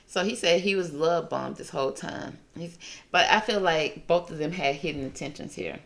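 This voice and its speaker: Sassy low-voiced woman reading tarot. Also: normal speed, vocal fry, a bit bright. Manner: sassy, gossipy, calls listeners honey and baby. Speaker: tarot reader host. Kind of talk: casual tarot reading commentary.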